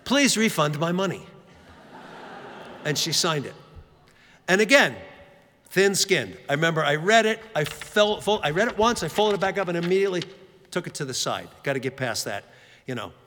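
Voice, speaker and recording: A man's voice: on the high side, fairly quick, slight background noise. A man preaching a sermon, telling self-mocking stories with lots of fillers, in a church hall. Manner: animated, self-mocking anecdotes with many fillers. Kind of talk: storytelling sermon. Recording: long reverb of a large hall.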